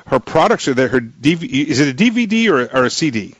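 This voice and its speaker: A man's voice: mid-range voice, very animated, fast, breathy edge, no room sound, highs cut off. A male radio talk show host interviewing a guest in an emphatic, joking way, with frequent restarts. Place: radio studio.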